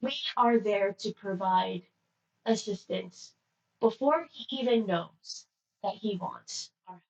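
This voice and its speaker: A woman voicing a monotone attendant who briefs a squad of agents in a tabletop role-play game, speaking in an even, flat manner. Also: medium pitch, takes it slowly. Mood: formal. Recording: roomy, distant mic.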